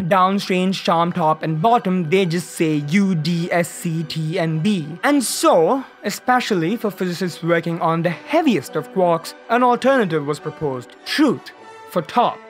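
A sarcastic science explainer whose exasperated, jokey delivery swoops lively up and down in pitch. The voice sits at a middle pitch, with faint music playing underneath. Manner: sarcastic, exasperated, swears for comic effect. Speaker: science YouTuber. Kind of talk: comedic educational monologue.

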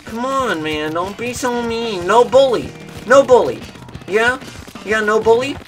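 A young man giving goofy gameplay commentary, slipping into silly meme voices and shouts. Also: high-pitched, lively intonation, unhurried, faint music behind. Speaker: gaming YouTuber.

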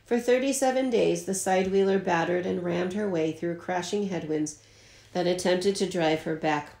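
A teacher reading a children's novel aloud at home, lightly voicing the characters. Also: female voice, fairly low pitch, normal speed, vocal fry. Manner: expressive, lightly voices the characters. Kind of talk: storybook read-aloud.

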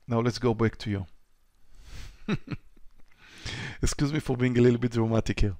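A man's voice: mid-range voice, normal speed, pauses often, mellow, no echo, clean studio sound. A man teaching a live trading webinar, who talks straight to his students, repeats phrases, and acts out a trader's racing thoughts. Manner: repeats phrases, direct to the audience. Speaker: trading instructor.

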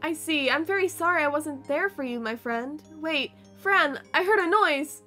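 A woman voicing a gentle, tired male pet cat who talks softly and tenderly. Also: sits high, animated, moderate pace, soft background music. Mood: concerned.

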